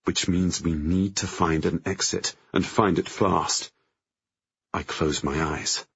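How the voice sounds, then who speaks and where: Deep, gravelly male audiobook narrator. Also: steady tone, slow, muffled recording. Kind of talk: first-person novel narration.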